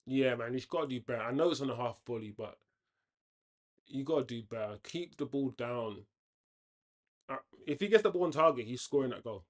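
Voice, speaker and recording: A man's voice: mid-range voice, fairly quick, pauses often. Chatty man reacting to a live match. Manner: chatty, reacts loudly to the game, rambling tangents. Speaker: host of a football watchalong. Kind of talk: casual live match commentary.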